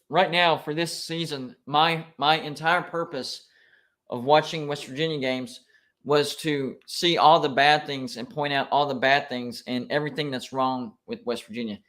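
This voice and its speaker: A man streaming live reactions to college football games, excitable and quick to complain like an emotional fan. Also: a little high.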